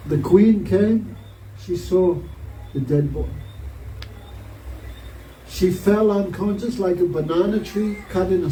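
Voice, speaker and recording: A man's voice: high-pitched, dark tone. A man teaching a devotional class, telling a scriptural story and asking his listeners many rhetorical questions. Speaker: spiritual teacher. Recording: roomy, distant mic, faint noise.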